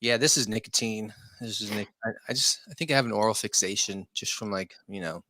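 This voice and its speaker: A man's voice: on the low side, brisk, bright, forceful tone, dry recording. A man guest on a casual podcast, laid-back and loose, filling his talk with "like". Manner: laid-back, lots of "like" fillers. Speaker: guest, filmmaker.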